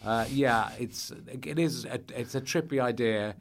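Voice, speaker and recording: A man chatting as a podcast guest, rambling with frequent restarts and lively bursts. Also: mid-range voice, unhurried. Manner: rambling, self-interrupting, animated. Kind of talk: casual chat.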